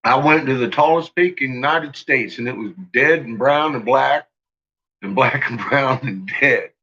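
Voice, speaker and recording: Male streamer, husky voice, rambling and profane, muffled lo-fi mic. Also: medium pitch, moderate pace, pushed and bright. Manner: rambling, profane, laughs often. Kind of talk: casual chat with viewers.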